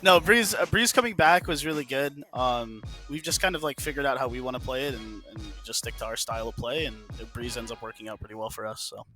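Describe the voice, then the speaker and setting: A man being interviewed after a match, talking casually with many fillers and pauses. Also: medium pitch, sharp tone, soft background music. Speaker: player interviewed on the desk.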